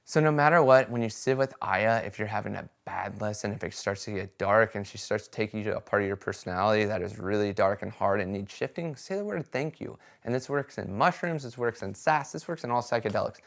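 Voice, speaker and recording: A man chatting casually to camera about his experiences, telling stories in an animated way and often checking in with "right?" and "okay?". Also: lowish voice, a little fast, vocal fry, hardly any pauses. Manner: animated storytelling, acts out quoted voices; conversational fillers like "right?" and "okay?". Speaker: vlogger sharing experiences.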